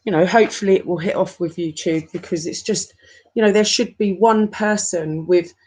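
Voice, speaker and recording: A woman's voice: on the low side, a little mellow. Upset woman in her forties ranting. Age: 40s. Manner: upset, halting, repeats herself. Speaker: YouTuber. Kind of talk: emotional live-stream rant.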